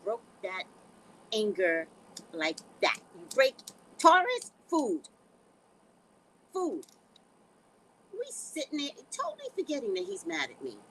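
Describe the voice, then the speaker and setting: A middle-aged woman with a New York accent, hosting a casual talk show with animated, comic storytelling. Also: mid-range voice, moderate pace, slight background noise, rough recording. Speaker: show host.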